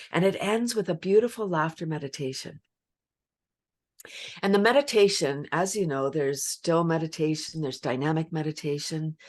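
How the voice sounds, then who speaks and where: Low-voiced, lively woman chatting. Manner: animated, laughs often, acts out laughter sounds. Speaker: laughter yoga leader and guest. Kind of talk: casual interview chat.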